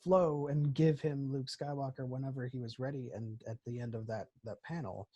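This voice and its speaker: A man's voice: medium pitch, fairly even intonation, moderate pace, mellow. Rambling man in casual podcast chat. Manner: rambling, thinks aloud mid-sentence. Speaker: podcast co-host.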